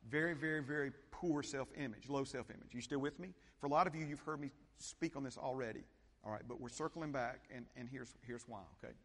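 A man preaching a sermon as pastor, animated, often repeating phrases and checking in with his congregation. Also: medium pitch, brisk. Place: church sanctuary. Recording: long hall reverb.

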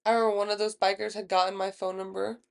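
A woman's voice: mid-range voice, level tone, vocal fry, smooth. A young woman co-hosting a casual podcast, blunt and profane as she tells stories. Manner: blunt, profane, quick storyteller. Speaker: podcast co-host.

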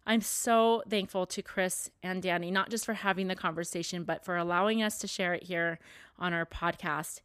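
A woman's voice: on the low side, steady tone, moderate pace, a bit bright, clean tone, no echo, clean studio sound. A woman hosting a podcast, giving a grateful, heartfelt sign-off to listeners. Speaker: podcast host. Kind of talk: podcast outro.

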